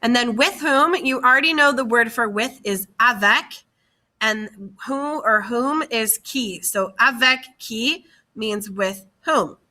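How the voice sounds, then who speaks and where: Slow, bright-voiced woman teacher. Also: on the high side. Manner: slow, careful, repeats key words for students. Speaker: French teacher. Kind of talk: slide-based classroom lesson.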